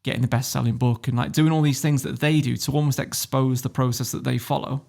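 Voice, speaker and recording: A British man in his thirties tells a story as a podcast guest. He is blunt, sweary and animated. His middle-pitched voice has a gravelly rasp. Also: fast talker. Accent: British English. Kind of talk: casual storytelling.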